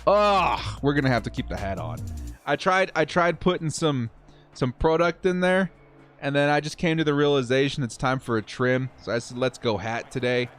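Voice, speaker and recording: A man's voice: mid-range voice, normal speed, fairly bright tone, soft background music. A young man hosting a live stream, calling a football video game and chatting with viewers in a casual, upbeat way, laughing often and repeating words. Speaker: streamer and host of a football simulation channel. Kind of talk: live stream game commentary with chat replies.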